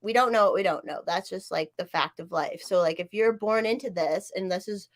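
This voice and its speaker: A woman's voice: mid-range voice, brisk. A woman podcast host in casual chat, talking in a profane, emphatic, rambling way with many fillers.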